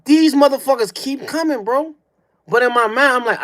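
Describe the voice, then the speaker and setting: A man's voice: very high-pitched, moderate pace, fairly bright tone. A young man telling a personal story on a livestream, in a profane, slang-heavy way with mouth sound effects. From Chicago. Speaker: streamer.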